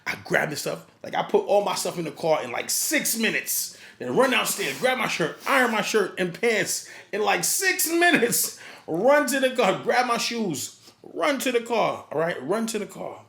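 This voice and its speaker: A man's voice: sits high, very animated, normal speed, gravelly, pushed and bright. A man who works as a DJ, telling a story in casual podcast chat and acting out quotes and crowd hype.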